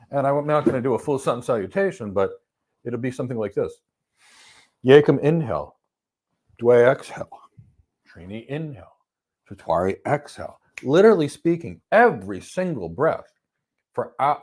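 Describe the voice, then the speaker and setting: A man talks about handling stress in an animated, storytelling way. His pitch rises and falls a lot, punching some lines loudly and easing others down to a hush. His voice sits in an everyday middle register. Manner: animated storyteller, swings from loud emphasis to soft calm. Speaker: host. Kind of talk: motivational talk on stress. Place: lives in Florida.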